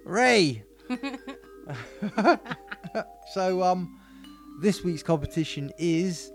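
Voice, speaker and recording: A man's voice: fairly high pitch, lively intonation, moderate pace, a little mellow. A man co-hosting a music podcast, joking and bantering casually with frequent laughs. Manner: jokey, playful, laughs often. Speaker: podcast co-host.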